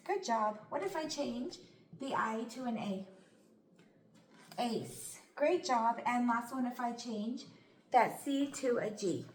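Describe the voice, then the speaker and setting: A woman teaching a phonics lesson, slowly sounding out words and praising often. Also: a little high, a little hiss or hum. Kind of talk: slow, clear classroom instruction. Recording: echoey room.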